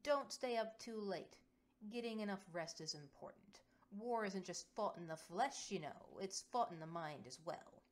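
A woman voicing a kindly, commanding male general who speaks in a steady, reassuring rumble. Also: normal speed. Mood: warm commanding.

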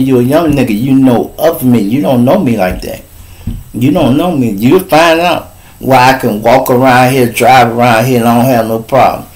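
A man hosting a live street show, telling a profane story in heavy slang, swinging between loud outbursts and low asides. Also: poor audio.

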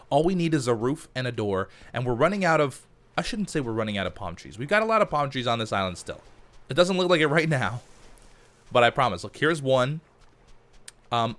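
In loose, unscripted gameplay commentary, a man hosting a let's play narrates a survival game move by move, chatty and joking with himself. His tone is fairly bright, and his pitch climbs and drops widely from line to line as he reacts.

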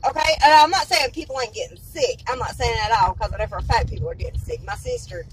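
A woman's voice: on the high side, fast talker, a little hiss or hum, poor audio. A woman vlogging casually, blunt and indignant, swearing freely. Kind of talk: casual vlog.

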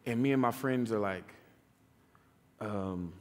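A man's voice: medium pitch, normal speed. A man preaching a sermon in a conversational way, often checking in with "right?" and "like". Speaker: pastor. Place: church sanctuary. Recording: long church hall reverb.

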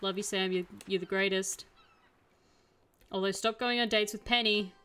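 Her mid-range voice sounds pushed and bright, with fairly even intonation, a moderate pace and a little hiss or hum. The young streamer recounts a frustrating story while casually chatting over her gameplay.

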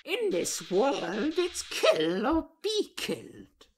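A game streamer voicing a sly flower creature in a squeaky, drawn-out sing-song while reading game dialogue aloud. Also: wildly swooping pitch, a little hiss or hum. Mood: menacing. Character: sly grinning flower creature, cheery then menacing. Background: game music.

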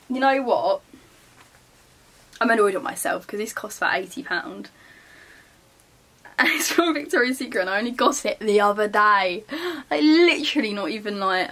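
A young vlogger sorts through her wardrobe in her bedroom, making casual chat and muttering to herself. Her voice is fairly high and fairly bright in tone, and she's far from the mic.

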